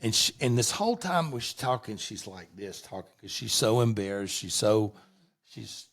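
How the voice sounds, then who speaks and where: A man's voice: lowish voice, animated, moderate pace, a bit bright. A middle-aged man, a guest on an interview show, telling long rambling anecdotes in a casual way and often restarting his sentences.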